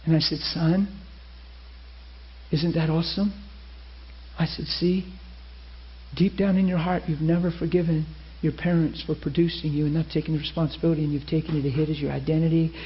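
A male preacher telling a story in a sermon, moving from animated retelling to a soft, intense hush. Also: fairly high pitch, fast. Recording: muffled lo-fi with faint hiss.

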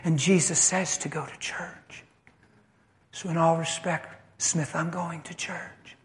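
Man doing a gentle wife, soft, calm, kindly, quiet. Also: high-pitched, measured pace. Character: gentle, sweet-natured faithful wife.

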